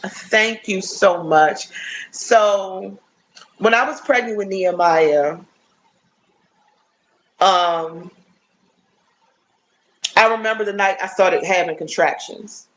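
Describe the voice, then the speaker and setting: A woman in her fifties chatting casually and warmly to her viewers on a phone livestream, often checking in with "you know what I'm saying?". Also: medium pitch, takes it slowly, pauses often. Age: 50s. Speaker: livestream host.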